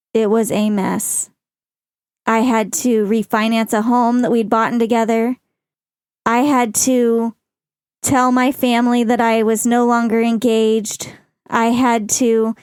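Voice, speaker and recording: A middle-aged woman hosting a podcast, speaking slowly and earnestly in a reflective personal monologue. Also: a little high, a little mellow, clean tone, no echo, studio quality. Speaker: podcast host.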